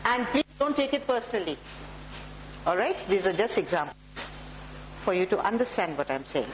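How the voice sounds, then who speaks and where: A woman's voice: medium pitch, animated, moderate pace, a little hiss or hum, poor audio. Indian woman giving a live motivational talk. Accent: Indian English. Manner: warm, direct, addresses audience members by name. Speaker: motivational speaker. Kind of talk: live talk to a small audience. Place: talk room with live audience.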